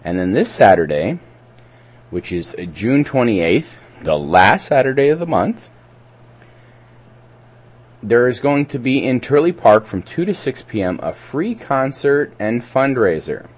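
A man's voice: mid-range voice, sing-song, measured pace, breathy edge. A man co-hosting a community radio show, chatting casually and reading out local event listings in a rambling way. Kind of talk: casual radio chat and announcements.

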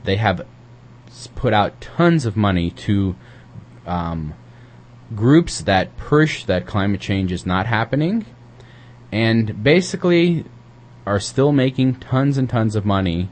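A man's voice: on the low side, very animated, takes it slowly. A man co-hosting a community radio show, chatting casually and reading news, rambling with lots of hesitant fillers.

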